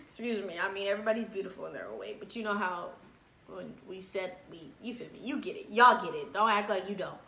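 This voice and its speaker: A young woman tells a personal story in casual chat, animated, laughing often and acting out what people said. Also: medium pitch, fairly quick, gravelly, crowd noise. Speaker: vlogger telling a story. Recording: echoey room with faint background noise.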